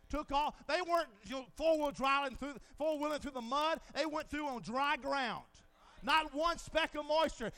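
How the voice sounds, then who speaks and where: A man preaching a sermon, dramatizing scenes with quoted dialogue and swinging from hushed lines to shouted peaks. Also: very high-pitched.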